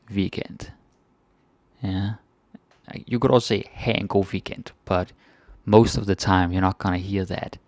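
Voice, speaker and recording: A man with a Danish accent teaching phrases in a casual lesson, repeating each phrase slowly before explaining it. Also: low voice, a little mellow, no echo. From Denmark. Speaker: language teacher.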